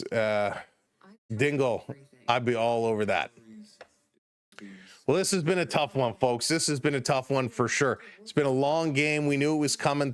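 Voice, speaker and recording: A man's voice: medium pitch, clean tone. A man from Toronto with a Canadian accent, hosting a live baseball stream, calling play-by-play while chatting with viewers by name, and sounding tired from the late game. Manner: chatty, greets viewers by name, shifts between calm and excited. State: tired, up past bedtime. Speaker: livestream play-by-play host. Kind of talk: casual play-by-play commentary with chat replies.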